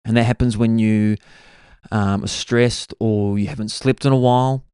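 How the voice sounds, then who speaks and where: A man's voice: lowish voice, steady tone, normal speed, darkish tone, clean tone, no room sound, clean studio sound. A man, hosting his own podcast and rambling through stories in a casual way, full of "like" and "bro". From New Zealand. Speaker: podcast host. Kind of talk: casual solo storytelling.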